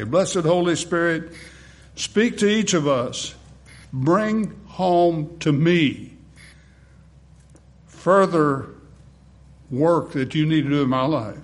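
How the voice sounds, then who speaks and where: High-voiced dramatic preacher man. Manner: dramatic, swings between booming emphasis and hushed near-whispers; rhetorical, acts out congregation replies. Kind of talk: sermon with opening prayer.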